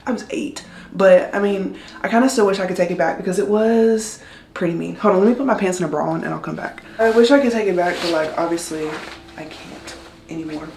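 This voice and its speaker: A nursing student vlogger talks to the camera at home in her apartment, her lowish, darkish voice brisk and chatty. Venting to her viewers, she fills her speech with "like" and "y'all," captured on a roomy, slightly distant phone recording with slight background noise.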